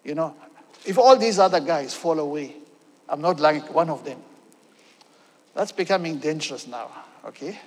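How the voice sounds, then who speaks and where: A man preaches emphatically, with a fairly high voice. He keeps checking in with his listeners. The sound rings with a long hall reverb. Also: expressive, moderate pace, long pauses. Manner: emphatic, often checks in with "okay?". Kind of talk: sermon.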